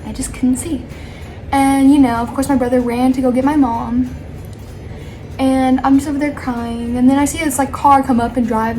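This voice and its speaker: A woman telling a casual storytime while doing her makeup, chatty and rambling, with frequent laughs and asides. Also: high voice. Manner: chatty and animated, laughing often. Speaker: storytime vlogger.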